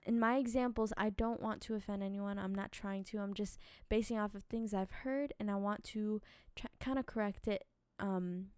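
A woman hosting a casual podcast, chatty and animated, giving singing advice with a slightly dry voice from little sleep. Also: mid-range voice, smooth, no echo. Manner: animated, chatty, quick asides and filler words. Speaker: podcast host and singing teacher.

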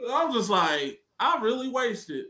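A man co-hosting a wrestling podcast, telling stories in animated, profane casual chat and acting out quotes loudly. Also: very high voice, slow, roomy sound. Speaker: podcast co-host.

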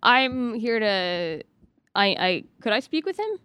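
Woman player, halting casual speech, smooth clear voice, dry close sound. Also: on the high side, very animated, fairly bright tone, no echo. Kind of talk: casual role-play.

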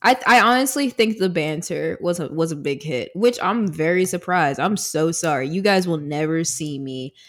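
A woman's voice: low voice, normal speed, few pauses. A woman hosting a podcast, talking in chatty, casual runs full of "like" and "you know". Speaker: podcast host.

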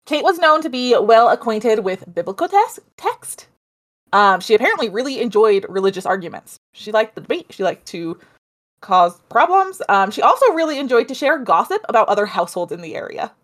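A woman's voice: fairly high pitch, brisk. Chatty woman telling a spooky story. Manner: chatty, animated, with asides and laughs. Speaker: podcast co-host telling a story. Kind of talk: casual storytelling chat.

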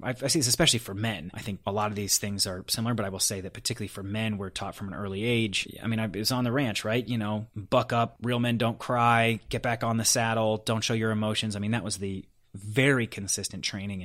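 A man's voice, pitched a little low, speaks in a relaxed conversational interview. He is earnest and reflective and tells personal stories with a self-deprecating touch. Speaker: podcast guest.

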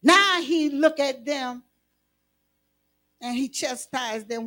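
High-voiced woman preaching slowly. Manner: preaching, rising to shouts. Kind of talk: sermon.

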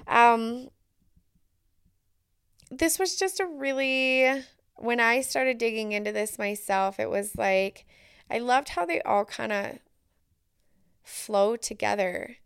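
A woman's voice: a little high, takes it slowly, gravelly, pauses often, a bit bright, smooth, no echo, studio quality. A woman hosting a solo podcast, talking in a reflective, earnest way and thinking aloud with fillers. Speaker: podcast host.

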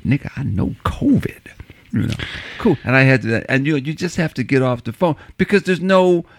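Man, gravelly, very lively delivery, plays out both sides of a conversation. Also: fairly high pitch, no echo. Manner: animated, acts out both sides of a phone call with big voice swings. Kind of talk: casual storytelling chat.

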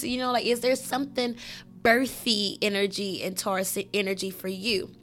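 A woman's voice: medium pitch, steady tone, moderate pace. A woman hosting a casual spiritual podcast, rambling and direct, often saying "you know" and swearing now and then. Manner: advising, direct, occasional swearing. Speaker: podcast host.

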